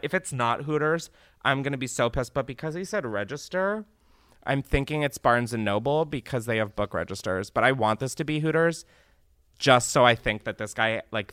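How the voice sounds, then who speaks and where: A man's voice: medium pitch, clean tone, no room sound, clean studio sound. A young man hosting a podcast, chatting and joking sarcastically while reading reviews aloud. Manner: animated, sarcastic, swearing, laughing often. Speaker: podcast host. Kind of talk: casual comedic chat, reading reviews aloud.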